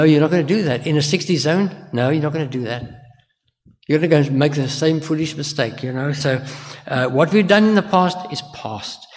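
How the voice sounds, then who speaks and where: An older male minister delivers an earnest sermon, asking the congregation question after question. His voice sits a bit higher than most men's. A long reverb trails every phrase. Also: a little mellow.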